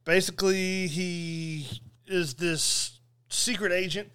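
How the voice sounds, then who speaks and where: A man with a fairly high, bright, forceful voice, chatting casually on a podcast. He rambles through a movie recap, full of fillers and little laughs. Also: steady tone, slow, clean tone. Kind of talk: casual chat.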